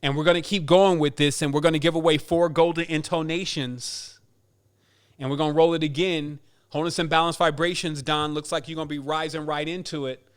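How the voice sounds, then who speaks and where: A man hosts his podcast in an upbeat, casual way, reading out winners' names and counting aloud as he goes. His voice is smooth and clear, sitting a little higher than most men's. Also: steady tone, brisk. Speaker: podcast host. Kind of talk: casual giveaway announcements.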